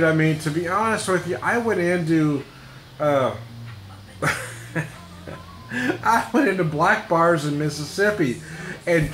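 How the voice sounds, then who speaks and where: A man's voice: sits high, a bit bright, slight background noise. A middle-aged man rambling through a casual monologue, laughing often and swearing freely. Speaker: podcast host. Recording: echoey room with faint music.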